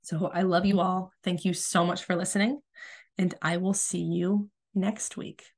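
Gentle woman with a cold, hosting. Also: fairly low pitch, little pitch movement, measured pace. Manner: gentle, soothing, reflective. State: has a cold. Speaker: podcast host, spiritual coach. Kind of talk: casual solo podcast talk.

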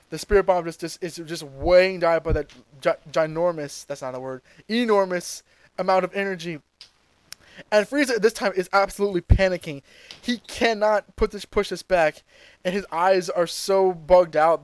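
A man co-hosting a podcast, casually retelling a fight scene with lots of fillers and quick acted-out lines. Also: high-pitched, clean tone, dry recording. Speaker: podcast co-host. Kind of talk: casual episode recap.

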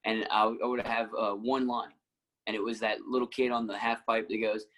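A man who is an actor and musician appears as a guest, telling casual, animated stories, acting out the people he quotes and laughing frequently. His voice is fairly low and fairly quick, on a rough recording.

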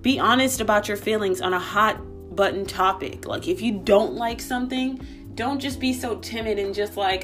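A woman's voice: mid-range voice, moderate pace, over music. A woman hosting a podcast who gives relationship advice in a chatty, bubbly way, full of asides. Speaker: podcast host. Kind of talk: casual relationship advice chat.

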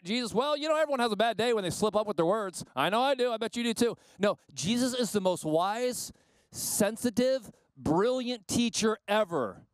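A male pastor giving a sermon in a conversational, animated way, with frequent asides. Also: high-pitched, dry recording.

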